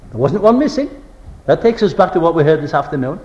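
A man preaching a sermon, reciting scripture with stressed final words and asking the congregation rhetorical questions, moving between ringing declamation and hushed low tones. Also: sing-song, quick pace. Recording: echoey hall.

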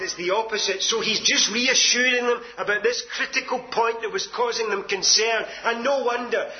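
A man preaching a sermon with emphatic delivery, swinging from loud declarations to hushed asides. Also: extremely high pitch, lo-fi sound.

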